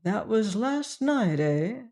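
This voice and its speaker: A woman's voice: medium pitch, very animated, takes it slowly, warm tone, voice pushed up, heavily acted. A woman reading an audiobook, voicing a stern, baffled male prison warden who asks pointed questions. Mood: puzzled. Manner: demanding, questioning.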